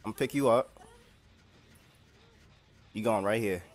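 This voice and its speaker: A young man casually commenting on his own gameplay, joking and trash talking the other players with sudden bursts of excitement. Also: fairly low pitch, measured pace. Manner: animated, jokey trash talk to opponents, bursts of excitement. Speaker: gaming streamer.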